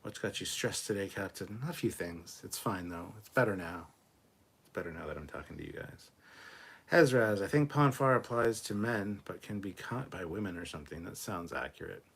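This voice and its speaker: A man hosting a casual livestream, reading viewer comments aloud and answering them in a relaxed, off-the-cuff way, swearing freely. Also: deep voice, moderate pace, creaky, slightly rough. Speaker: livestream host reading chat. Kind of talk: casual live chat.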